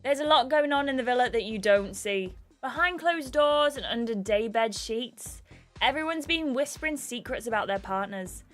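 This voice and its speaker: A woman reading game dialogue aloud as a bubbly, starstruck young female VIP host with gushing, excitable fangirl chatter. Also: a little high, moderate pace, soft background music. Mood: gossipy.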